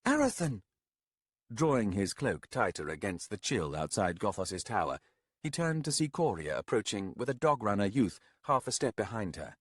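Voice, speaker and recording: A man giving a measured, expressive audiobook narration on a close studio mic. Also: fairly low pitch, no room sound. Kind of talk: scripted narration.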